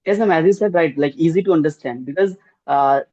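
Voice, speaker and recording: A man's voice: on the high side, a little fast, a little mellow, no room sound. A man from India with an Indian accent, an English teacher hosting a casual interview, hesitant and deferential, with many fillers. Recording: dull, dry lo-fi mic.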